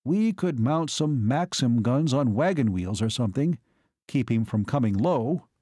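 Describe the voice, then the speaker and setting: A man's voice: medium pitch, animated, unhurried, dark tone, no room sound, clean studio sound. A man voicing a blunt male artillery chief giving practical answers.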